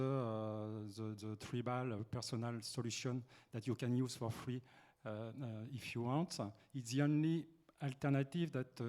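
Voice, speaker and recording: A man with a French accent presenting on a business panel, speaking halting English as he searches for words. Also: medium pitch, dark tone.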